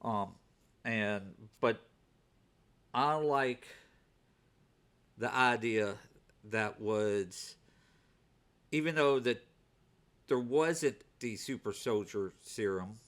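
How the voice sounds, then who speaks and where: A man's voice: medium pitch, drawn-out words, long pauses, a bit bright. A man casually talking through his week's comic purchases, with many fillers and repeated words as he goes. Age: adult working overnight shifts. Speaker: comic book vlogger. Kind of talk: casual unscripted show-and-tell.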